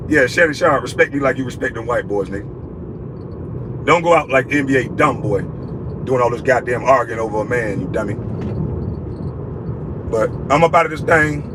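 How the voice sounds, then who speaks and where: A man's voice: medium pitch, noisy background. Man scolding in a profane rant. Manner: scolding, repetitive, heavy cursing. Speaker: vlogger ranting at a critic.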